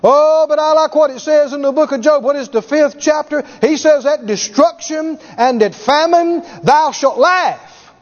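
A man preaching a sermon with emphatic delivery, acting out quoted voices and rising to shouts. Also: extremely high pitch, a little slow. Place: large church hall. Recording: lo-fi hall recording with audience. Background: congregation.

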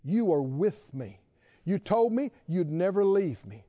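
Impassioned high-voiced male preacher. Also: big pitch swings, unhurried, warm tone. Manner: impassioned preaching, rising to emphatic peaks. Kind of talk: sermon. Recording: dull lo-fi sound with long reverb.

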